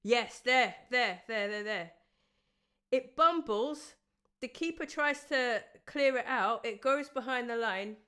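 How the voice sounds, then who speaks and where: Woman doing a live football watchalong, gets loud and excited, smooth clear voice. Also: on the high side, takes it slowly. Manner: excitable, bursts into cheers and shouts at goals; running play-by-play of passes. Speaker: watchalong streamer.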